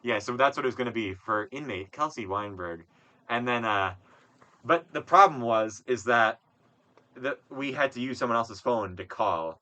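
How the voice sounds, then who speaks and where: A man's voice: medium pitch, animated, normal speed, sharp tone. A young man co-hosting a podcast, rambling through a story with lots of fillers and swearing. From Wisconsin. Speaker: podcast co-host. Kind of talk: casual chat.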